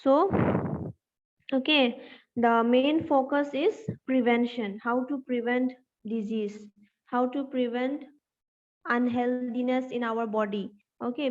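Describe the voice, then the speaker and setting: A woman teaching a health class, dictating notes slowly and spelling words out letter by letter, and asking the class questions. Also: a little high, fairly even intonation. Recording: dull lo-fi recording.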